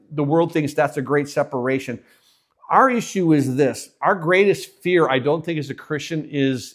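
A man preaching a sermon, telling a story with his voice rising and then dropping almost to a hush. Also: mid-range voice. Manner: storytelling, voice swells and drops to near hush.

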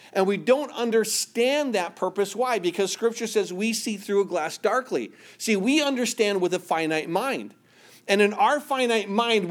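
Higher-voiced man preaching a sermon. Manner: earnest preaching, voice dropping soft in quoted prayers. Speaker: pastor.

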